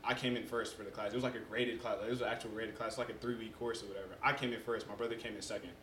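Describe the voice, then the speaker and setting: A young man in casual conversation as a podcast guest, telling stories in an animated way and acting out what people said. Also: lowish voice, rapid-fire, a little hiss or hum. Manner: animated storyteller who acts out quotes. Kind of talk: casual chat. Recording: roomy echo.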